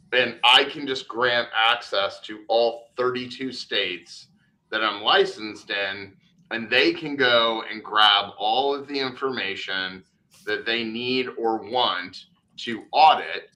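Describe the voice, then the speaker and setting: A man's voice: medium pitch, pushed and bright, rough recording. A male podcast co-host in casual chat, rambling and thinking aloud with lots of fillers and restarts.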